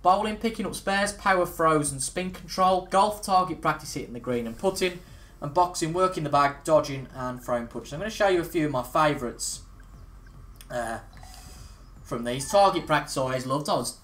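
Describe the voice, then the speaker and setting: A man's voice: fairly high pitch, fairly bright tone, slight background noise. A young man casually commentating on a video game, chatty and self-mocking, reacting aloud as he plays. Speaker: gaming video host. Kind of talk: casual let's-play commentary.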